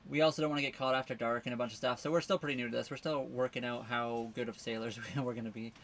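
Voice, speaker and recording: A man of middle pitch chats quickly and casually with viewers of his livestream. He rambles and restarts his sentences often. A faint background noise sits under his voice. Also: fairly even intonation, a bit bright. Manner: fast, rambling, with frequent fillers and restarts. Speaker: livestream co-host living on a sailboat. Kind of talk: casual livestream chat answering viewer questions.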